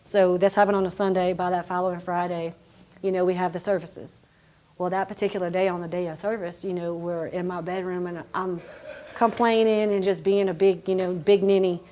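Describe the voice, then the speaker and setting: A woman's voice: on the low side, flat delivery, fairly quick, warm tone. A woman, telling a personal story of loss in a conversational, emotional way with many fillers. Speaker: police officer's widow.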